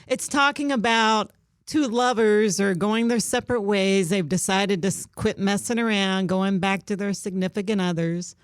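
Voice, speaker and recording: A woman co-hosting a podcast, telling stories in a giggly, animated chat. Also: mid-range voice, normal speed, clean tone, no room sound, studio quality. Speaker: podcast co-host. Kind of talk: casual storytelling chat.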